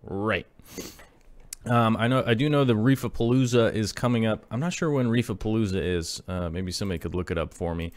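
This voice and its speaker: A man's voice: lowish voice, fairly quick, no room sound. A man in his thirties hosting a casual live stream, rambling with many fillers and reading viewer messages aloud. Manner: rambling, filler-heavy, reads chat aloud. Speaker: aquarium channel host.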